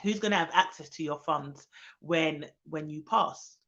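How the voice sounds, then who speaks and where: A young woman, a nanny, chatting casually on her live stream, reading viewers' comments aloud and greeting them with excited bursts. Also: sits low, measured pace. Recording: dull lo-fi sound.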